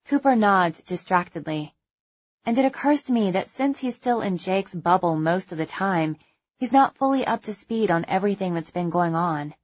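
A young adult woman narrating a first-person audiobook in a measured, wry, conversational way. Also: on the low side, animated, lo-fi sound.

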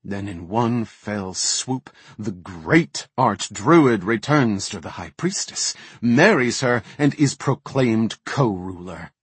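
A man voicing a cold, vengeful female warden who speaks calmly and with contempt. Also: on the low side, husky, dry recording, exaggerated voice. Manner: calm, contemptuous.

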